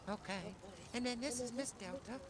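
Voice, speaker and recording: A woman's voice: fairly high pitch, normal speed, a crowd in the background. A woman role-playing an outlaw gang member, talking in a rambling, hesitant way. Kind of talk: in-character role-play. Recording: very noisy game voice chat.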